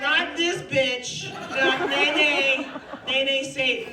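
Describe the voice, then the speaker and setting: A woman in her forties doing stand-up comedy, brash and profane, ranting with loud outbursts. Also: high-pitched, measured pace. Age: 40s. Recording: roomy club, distant mic, audience.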